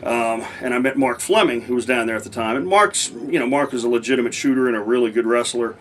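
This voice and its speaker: A man's voice: mid-range voice, quick pace, a bit bright, slight background noise. A man telling stories in a casual interview, rambling with many restarts and acting out old conversations. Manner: rambling, many restarts, acts out quoted dialogue. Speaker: interview guest, former pro wrestler.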